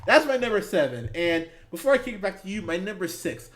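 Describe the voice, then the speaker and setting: A man's voice: high-pitched, very animated, brisk, a bit bright. A man co-hosting a movie podcast, ranting heatedly and profanely about bad films with bursts of laughter. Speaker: podcast co-host. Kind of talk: ranty movie review chat.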